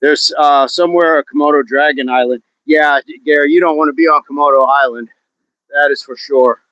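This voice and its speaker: Joking man, slightly high voice. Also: steady tone, fairly quick, fairly bright tone, dry recording. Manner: joking, chatty, laughs often. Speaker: fitness livestream host. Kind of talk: casual livestream chat reading viewer comments. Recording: dull, dry, lo-fi sound.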